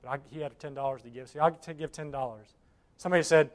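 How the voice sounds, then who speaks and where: A male preacher telling a story in a sermon, swinging between loud bursts and near whispers and acting out the voices of the people in it. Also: on the high side, steady tone, fast talker. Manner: acts out voices in his stories.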